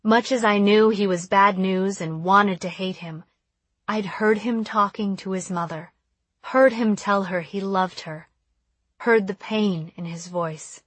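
A woman reading a first-person novel as an audiobook, in a soft, measured, introspective way. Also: mid-range voice, breathy edge, dry recording. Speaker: audiobook narrator.

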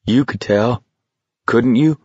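A man voicing a hoarse, rattled young man. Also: mid-range voice, takes it slowly, dark tone, no room sound, highs cut off. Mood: trembling. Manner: hoarse, strained threats. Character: frightened young man, pale and hoarse with anger.

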